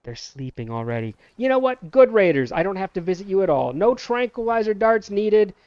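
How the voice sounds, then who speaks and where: Commenting casually on his own gameplay, a streamer playfully scolds the characters as if sending children off to bed. His voice sits high, very animated and brisk, with a darkish tone. The lo-fi recording has no room sound.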